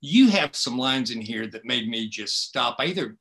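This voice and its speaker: A man's voice: mid-range voice, lively intonation, moderate pace, fairly bright tone. A man from South Carolina, a writer interviewing a fellow author in a casual, folksy and wry way. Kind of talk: casual conversation.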